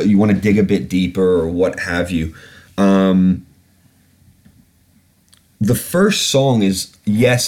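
A man in his thirties hosting a podcast, ranting casually and profanely with many restarts. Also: fairly low pitch. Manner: animated, profane, rambling with restarts. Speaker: podcast host. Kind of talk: casual monologue. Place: lives in London.

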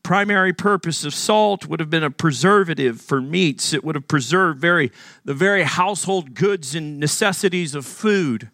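High-voiced man from Arkansas preaching. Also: normal speed, a bit bright, no echo, studio quality. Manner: earnest, emphatic preaching with rhetorical questions. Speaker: pastor. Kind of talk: sermon.

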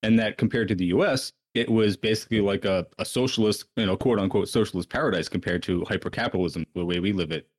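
A man hosting a podcast, talking in a brisk, chatty way. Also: on the low side, breathy edge. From United States. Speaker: podcast host. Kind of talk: casual podcast talk.

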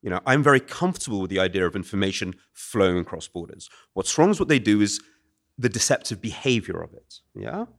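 A British man talking quickly and animatedly as an author being interviewed before a live audience. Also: lowish voice, vocal fry. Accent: British English. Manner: fast, animated explaining. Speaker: author and guest. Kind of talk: conversational podcast interview.

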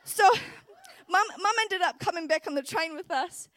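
A young woman preaching in church, telling a personal story in an animated, chatty way before praying and turning to scripture. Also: very high voice, moderate pace, dry recording. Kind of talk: storytelling sermon.

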